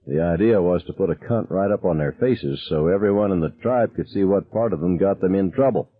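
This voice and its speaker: A man's voice: sits low, a little fast, slightly rough, no echo. A man voicing a drunk, menacing father at a hunting camp in a storybook reading, with blunt, coarse talk. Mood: gruff. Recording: tinny, phone-like narrow sound.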